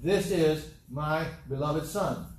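Booming heavenly Father voice, slow and solemn, as a male preacher puts it on; a touch high, echoey room, mic at a distance. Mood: solemn proclamation.

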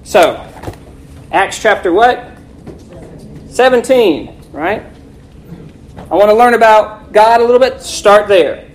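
A woman teaching a Bible lesson, reading scripture slowly and forcefully and quizzing her listeners with rhetorical questions. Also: mid-range voice, slight background noise, low-quality recording.

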